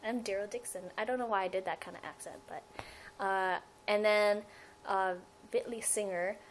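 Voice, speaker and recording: A woman's voice: mid-range voice, steady tone, normal speed, a little hiss or hum, rough recording. A young woman chatting into her webcam, answering fan questions in a loose, rambling way. She giggles, trips over her words and restarts her sentences as she goes. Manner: rambling, giggly, self-interrupting. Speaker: fan vlogger. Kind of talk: casual fan vlog Q&A.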